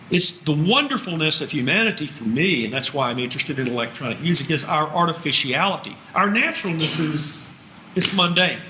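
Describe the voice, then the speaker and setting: A man holds forth at a public lecture, chatty and wry, tossing asides to the crowd. His voice sits high and bright. The sound is roomy, as heard in a museum hall. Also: a little hiss or hum.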